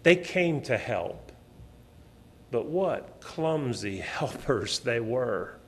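A man's voice: mid-range voice, drawn-out words. A middle-aged man preaching a sermon in a lecture hall, telling a personal story and acting out the quotes with a raised voice. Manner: animated storytelling, acts out quotes loudly.

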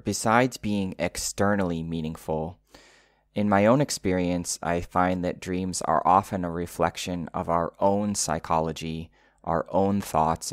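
Male English teacher, low voice, patient step-by-step explainer, dry studio sound. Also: no echo. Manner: patient, spells out word meanings step by step; drops into a soft whisper to demonstrate. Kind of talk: explaining song lyrics for learners.

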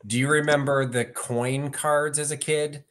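A man's voice: on the high side, steady tone, unhurried, a bit bright. A man co-hosting a live sale, calling out bids with brief, dry remarks. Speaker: co-host tracking bids. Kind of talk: live online sale chat.

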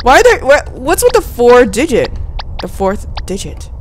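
Lively-voiced young woman chatting through a game. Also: fairly high pitch, moderate pace, a little hiss or hum. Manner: chatty, talks to herself, easily startled. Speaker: let's play host. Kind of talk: casual gameplay commentary.

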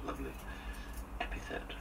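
A man's voice: moderate pace, far from the mic, background noise. An older man, a guest on a radio interview, reminiscing with jokes and theatrical asides. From England. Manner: jokey, theatrical storyteller with asides.

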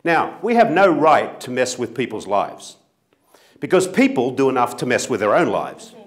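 A middle-aged Australian man giving an earnest, gently self-mocking speech to an audience as a company chief executive. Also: mid-range voice, big pitch swings, normal speed. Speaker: company CEO speaker.

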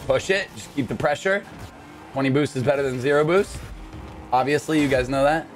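A man hosts a gaming video, talking a little fast over soft background music. His live gameplay commentary is excitable, jumping from calm chatter to high yelps.

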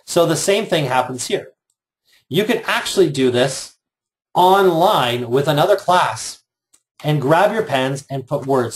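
A middle-aged man leading a live online workshop for teachers, chatty and joking, with sarcastic asides. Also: mid-range voice. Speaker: teacher trainer.

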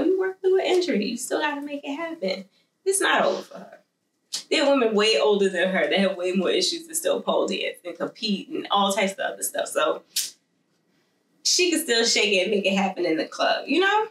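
A woman's voice: medium pitch, a bit bright. A woman chatting casually as she recaps a TV episode, telling it like a story and acting out the characters' lines. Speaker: show recap vlogger. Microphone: wireless mic. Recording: echoey room, mic at a distance.

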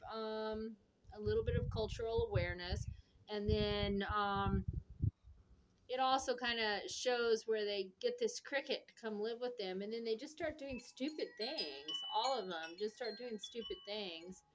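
A woman's voice: mid-range voice, measured pace, slight background noise. An older woman, a grandmother, giving her casual take on a film in a rambling, hesitant way with many fillers. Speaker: grandmother co-reviewer. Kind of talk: casual film review chat.

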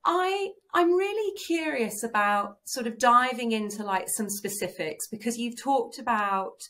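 Woman host, bright sharp voice, gushing and enthusiastic. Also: a little high, expressive, measured pace. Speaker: podcast host. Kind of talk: casual interview talk.

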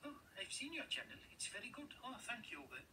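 A man voicing a sly male camel spy in a puppet comedy sketch, in a hushed Spanish-accented whisper. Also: very high-pitched, sing-song, quick pace, recorded from a distance, noisy background. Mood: coy. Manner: secretive, coy.

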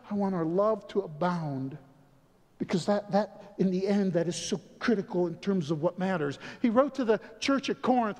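A male pastor giving a sermon, moving between quiet, low asides and loud, emphatic passages, and often chuckling as he talks to the congregation. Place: church sanctuary. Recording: long reverb of a church hall.

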